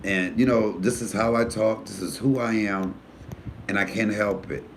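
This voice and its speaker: A man who is a comedian hosting his own live stream, chatting casually and frankly, with animated storytelling and cussing. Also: moderate pace, a little hiss or hum. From United States. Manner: animated storytelling, voice jumping high for quoted friends; profanity-laced, frank. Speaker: comedian and YouTube host.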